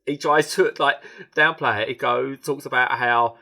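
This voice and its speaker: A man's voice: mid-range voice, moderate pace, creaky, bright, forceful tone. A man, co-hosting a podcast in casual, enthusiastic chat with many restarts. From England. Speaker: podcast co-host.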